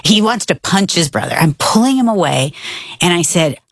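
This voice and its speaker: Low-voiced mom, storyteller, acts out her kids' lines, dry close mic. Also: expressive, moderate pace, dry recording. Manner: warm storyteller who acts out her children's words. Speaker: co-host, mother. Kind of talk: casual storytelling.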